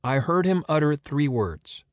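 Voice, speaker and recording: A man's voice: on the high side, animated, a little slow, no room sound, pitched above the performer's own voice. Sardonic woman witness for an audiobook, read by a man, raised voice, clipped and dry, in a dead-dry booth. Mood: wry. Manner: sardonic, curt replies.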